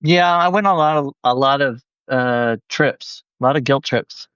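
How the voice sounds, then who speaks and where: A man's voice: mid-range voice, moderate pace, fairly bright tone, clear, resonant tone, dry recording, highs cut off. A man chatting as a guest on a live stream, making dry, jokey asides. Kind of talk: casual chat.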